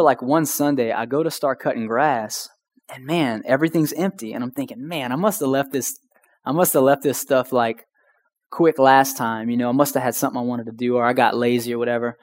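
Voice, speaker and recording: A man tells a story from the pulpit in loose, lively speech full of slang. His voice sits a little on the higher side. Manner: casual, animated storytelling with slang. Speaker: preacher. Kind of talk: storytelling sermon.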